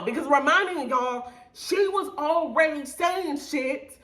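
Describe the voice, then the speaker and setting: A young woman telling a storytime to her viewers in a blunt, animated way, swearing often. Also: high-pitched, slow, few pauses. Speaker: storytime vlogger.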